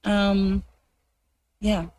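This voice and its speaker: Woman telling an animated church testimony. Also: medium pitch, drawn-out words, a little hiss or hum, poor audio. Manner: animated when quoting others, hesitant fillers. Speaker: presenter sharing ministry testimony. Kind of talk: conversational testimony.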